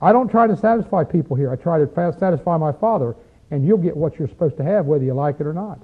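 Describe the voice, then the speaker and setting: Male preacher, high-pitched and folksy, asks the room rhetorical questions. Thin phone-like recording. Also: lively intonation, slightly rough. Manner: rises into loud, drawn-out chanting when acting out crowds in the text. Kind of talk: conversational sermon with scripture reading.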